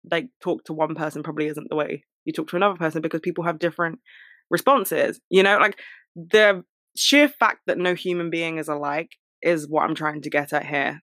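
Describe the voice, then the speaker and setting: A young woman talking casually to listeners and giving friendship advice, full of fillers, her voice jumping high when she gets excited. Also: dry recording, studio quality.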